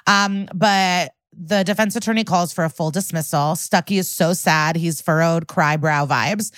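A woman co-hosting a podcast, casually recapping an episode and acting out the characters' lines with animated swings in voice. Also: low-pitched, no echo. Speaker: podcast co-host.

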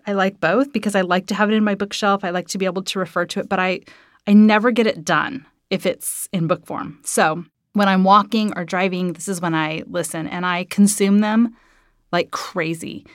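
A woman's voice: mid-range voice, dry recording, clean studio sound. A woman author talking casually and enthusiastically. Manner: enthusiastic, conversational. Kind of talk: casual talk.

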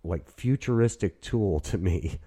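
A man in his fifties hosting a podcast, chatting in an excitable, rambling way from his apartment. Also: low-pitched, measured pace, slight background noise. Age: 50s. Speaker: podcast host. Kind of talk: casual chat.

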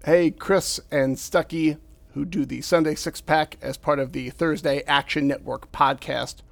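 A man, the podcast's producer, cutting in calmly to settle the hosts down. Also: a little high, vocal fry. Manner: calm, measured, settling the hosts down.

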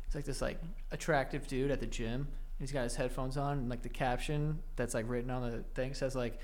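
A young man co-hosting a podcast, joking and swearing in quick casual chat. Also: medium pitch, fairly even intonation. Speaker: podcast co-host.

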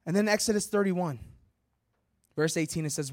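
A man preaching a sermon in a church, reading scripture and joking in a lively, conversational way. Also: high voice, moderate pace, pauses often. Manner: animated, humorous, conversational preaching. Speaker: guest preacher.

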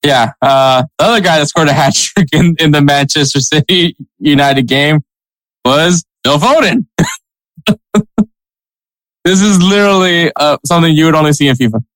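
A man's voice: fairly high pitch, expressive, moderate pace, a bit bright, dry recording, low-quality recording. A man co-hosting a casual soccer podcast, chatting with frequent laughs and reading sponsor spots. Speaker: podcast co-host.

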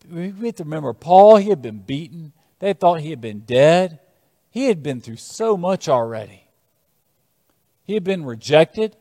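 A male preacher delivers a sermon, telling scripture as lively stories and leaning hard on key words. His voice sits fairly high. It rings out with a long reverb through a large church hall. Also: moderate pace. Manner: animated storytelling, shifting emphasis.

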